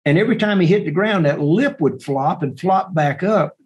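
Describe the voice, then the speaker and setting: A man who is a bowhunter, telling a hunting story as a podcast guest, animated and repeating words as he goes. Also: fairly high pitch, moderate pace, low-quality recording. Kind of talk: hunting story told in an interview.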